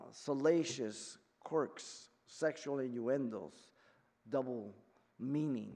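A man in his sixties teaching a verse-by-verse Bible study as pastor, emphatic, swinging from quiet explanation to loud rebuke. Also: mid-range voice, gravelly. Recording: long reverb of a hall.

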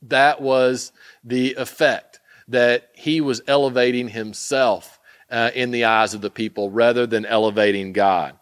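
A man's voice: medium pitch, fairly even intonation, measured pace, smooth, no echo. A man giving a conversational sermon, retelling a scripture story with asides and many fillers. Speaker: preacher.

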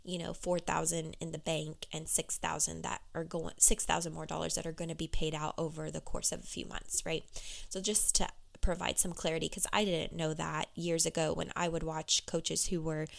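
A young woman life coach talking candidly in a casual monologue, her voice froggy and hoarse, with plenty of "you know" and "um". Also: low-pitched, flat delivery, normal speed.

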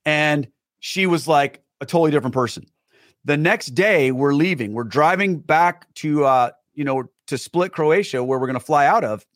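Man, podcast guest, animated storyteller, acts out dialogue, somewhat high pitch, dry close sound. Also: moderate pace, no room sound. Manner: many fillers and restarts. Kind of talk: personal storytelling in conversation.

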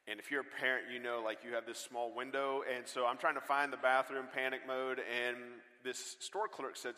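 Bright-voiced preacher man, humorous storyteller. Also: mid-range voice, fairly even intonation, normal speed. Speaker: guest preacher. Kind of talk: sermon with storytelling. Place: church auditorium. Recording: long hall reverb.

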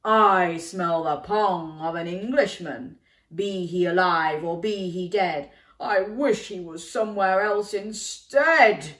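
Woman doing a booming storybook giant. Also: slow pace. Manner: loud, bellowing chant. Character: booming stinky-hating male giant. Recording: roomy, slightly distant mic.

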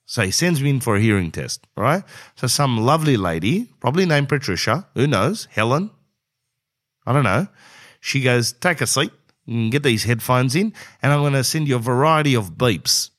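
A man's voice: medium pitch, expressive, normal speed, a bit bright. A middle-aged man telling a rambling comic story, acting out both sides of the dialogue and saying "bro" a lot. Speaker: comedian.

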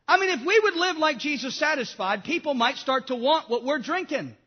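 A man preaches with great passion, his voice pitched unusually high as he moves from urgent appeals to low, hushed confessions. The recording is dull and lo-fi, and it rings with a long hall reverb. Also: lively intonation, fairly quick, few pauses. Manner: impassioned preaching, swinging from loud to hushed. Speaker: pastor. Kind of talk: sermon.

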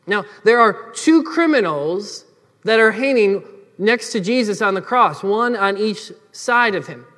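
A male pastor preaches to his congregation, earnest and explanatory, speaking straight to them. His voice is high for a man, animated, a bit bright, and measured in pace. A long hall reverb makes it ring out.

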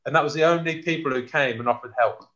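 A man's voice: fairly high pitch, fast talker, a bit bright. A man, talking frankly in a casual chat as a former rugby player. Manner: blunt, frank, says mate often. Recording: dull lo-fi sound.

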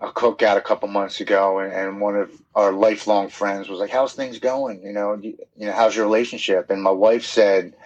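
A middle-aged man with a fairly low voice speaks as a podcast guest. He tells a personal recovery story in an earnest, heartfelt way. When emotion rises he repeats his words.

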